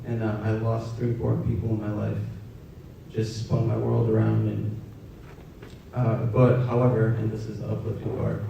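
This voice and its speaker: A young man telling a personal story in a halting, soft-spoken way, with many fillers. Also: monotone, creaky. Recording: roomy, distant, dull with faint rumble.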